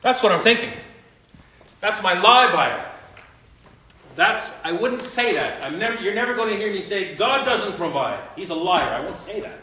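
Animated preacher man in an echoey room. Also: sits high, normal speed, long pauses. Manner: animated, swings between quiet and emphatic. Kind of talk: sermon. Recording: echoey room with faint noise.

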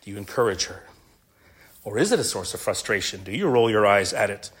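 A man's voice: on the low side, lively intonation, brisk, fairly bright tone, slightly rough. A middle-aged male pastor delivering a sermon to men, earnest and mixing in a humorous personal story.

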